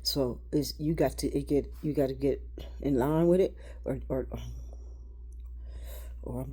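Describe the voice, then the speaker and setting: A woman giving a rambling, preachy spiritual monologue, halting and repeating words, dropping to a hush and then rising loud. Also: rumbling low, fairly even intonation, husky. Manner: preachy, swings between hushed and loud.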